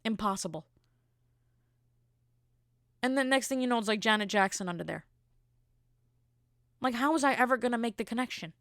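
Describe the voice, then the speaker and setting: A woman's voice: a little high, lively intonation, quick pace, pauses often, fairly bright tone, no room sound, clean studio sound. A woman hosting a podcast, ranting in a casual, comic, exasperated way, full of fillers and restarts. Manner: rambling, exasperated comic rant with many fillers. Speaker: podcast host. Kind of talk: casual comedic chat.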